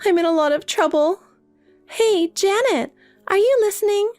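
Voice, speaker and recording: A woman's voice: very high voice, normal speed, a little mellow. A synthetic woman's voice playing a desperate, pleading married older sister in a text story, with faint music behind. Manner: pleading, insistent.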